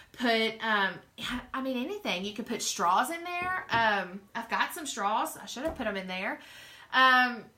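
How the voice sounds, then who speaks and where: A woman's voice: on the high side, background noise. A woman with a Southern US accent hosting a craft show, chatting and rambling straight to her viewers as she works. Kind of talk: casual live-stream craft demo.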